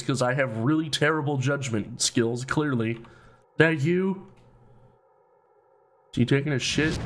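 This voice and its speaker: A man's voice: fairly high pitch, fairly bright tone, slight background noise. A young man hosting a let's play of a horror game, talking in casual commentary, joking, swearing and sarcastic.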